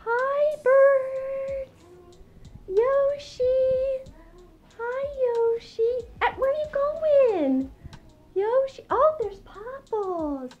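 A woman voicing a gentle, soft-spoken stranger who coaxes pet birds in a high voice. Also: extremely slow, lo-fi sound, full character voice. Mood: coaxing.

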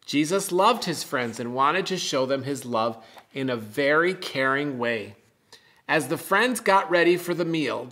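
A middle-aged pastor reading a Bible story and giving a children's message, explaining simply and gently. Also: male voice, on the high side.

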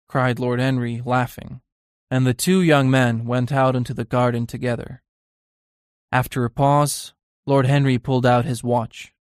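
Dry, measured male audiobook narrator. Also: medium pitch, level tone, clean tone, dry recording. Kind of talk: scripted narration.

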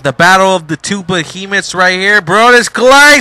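A man gives excitable play-by-play on a wrestling match, his voice pitched high and very bright and cutting. He tosses out playful slang and trash talk, dropping into low asides between loud calls. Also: moderate pace, poor audio. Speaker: wrestling game commentator. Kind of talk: play-by-play commentary.

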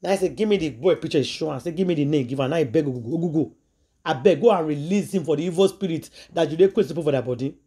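A woman's voice: low voice, mellow, husky. A woman with a Nigerian accent, a vlogger telling a story to her followers in an emphatic way and acting out the quoted voices.

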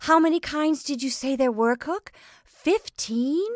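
A woman's voice: sits high, animated, a little slow, no room sound, studio quality, voice pushed up. A woman reading a story aloud, voicing a practical, effusive younger sister. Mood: gushing.

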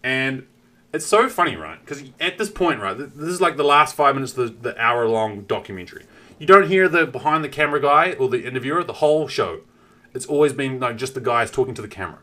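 Kiwi male streamer, crisp bright tone, animated storyteller who swears freely. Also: mid-range voice, quick pace. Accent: New Zealand. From New Zealand. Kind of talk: casual live-stream chat.

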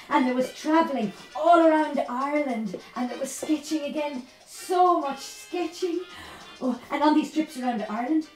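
An actress playing a lively Spanish woman who has moved to Ireland, with a Spanish accent, telling her story in a one-woman theatre monologue with lots of playful laughter. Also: high-pitched, far from the mic. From Spain. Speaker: stage performer. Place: theatre stage. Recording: roomy stage sound from afar, faint music.

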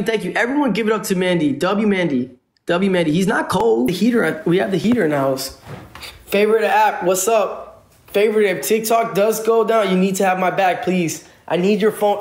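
Livestreaming casually from a room at home, a man pleads with viewers over and over and thanks them by name. His voice is high, at normal speed, and reverberant.

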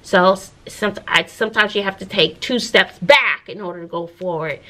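A woman teacher with a Southern US accent, chatting in a casual vlog from her classroom, animated, with folksy asides. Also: mid-range voice, moderate pace. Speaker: teacher and vlogger. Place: classroom at school.

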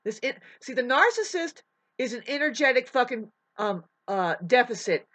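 High, bright-voiced woman ranting profanely. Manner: heated, swearing, preachy. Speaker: vlogger.

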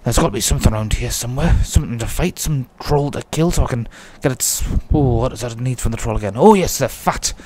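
A man's voice: mid-range voice, fast talker, few pauses, darkish tone. A man giving chatty, jokey commentary as he plays a game and talks to himself. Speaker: let's play host. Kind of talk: casual gameplay commentary.

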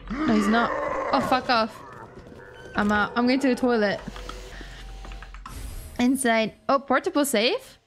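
A woman streamer giving first-time gameplay commentary, excitable, laughing and swearing often as she talks to her chat. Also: on the high side, a little slow, long pauses, background noise. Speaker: gaming streamer.

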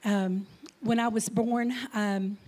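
A woman's voice: mid-range voice, fairly even intonation, slow pace, a little mellow. A woman in her fifties with a Texan accent, giving a chatty guest talk in church, with a slight stutter and lots of questions to the crowd. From Texas. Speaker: guest speaker.

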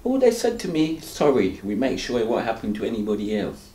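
Very animated and brisk, this man's mellow, medium-pitched voice carries a candid interview about life as a dialysis patient. He rambles, tags on "you know," and often laughs ruefully, in a room with noticeable echo.

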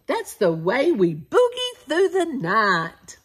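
A woman reading a children's picture book aloud in a playful, animated sing-song, with big exclamations. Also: sits high, slow pace, hardly any pauses, slightly rough. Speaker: children's storybook reader.

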